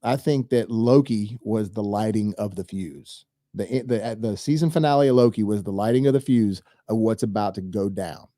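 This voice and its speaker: A man's voice: fairly low pitch, moderate pace, few pauses, warm tone, dry recording, studio quality. A man hosting a movie news show, talking casually and at length straight to his viewers, rambling and enthusiastic. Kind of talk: casual solo commentary.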